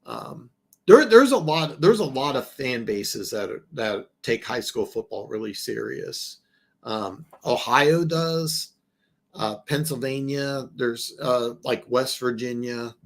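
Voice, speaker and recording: Slow and expressive, with vocal fry in a mid-range voice, this Southern American man hosts a relaxed football talk show. He rambles, restarts constantly and repeats words.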